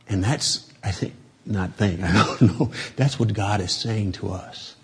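A man's voice: fairly low pitch, unhurried, husky. A man giving an informal sermon to a small congregation, talking conversationally, acting out the voices he quotes and chuckling often. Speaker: lay preacher.

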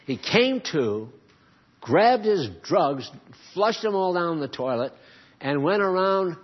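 A man preaching a sermon as pastor, shifting between quiet asides and loud, emphatic climbs. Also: high voice, big pitch swings, slow, slightly rough. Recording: dull lo-fi sermon recording.

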